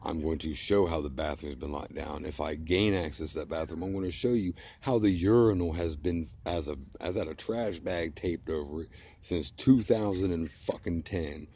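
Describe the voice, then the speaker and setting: A man's voice: low-pitched, normal speed, dark tone, husky. A middle-aged man ranting to camera in a blunt, heated, profane way. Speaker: vlogger. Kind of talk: angry casual rant to camera.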